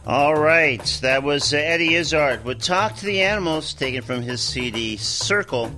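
A man hosting a radio show, talking in a relaxed way with frequent fillers. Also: a little high, normal speed, faint music behind.

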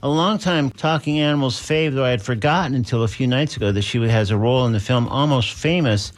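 A man's voice: medium pitch, brisk. A man hosting a radio talk show, introducing segments and interviewing guests in a plainspoken, easygoing way.

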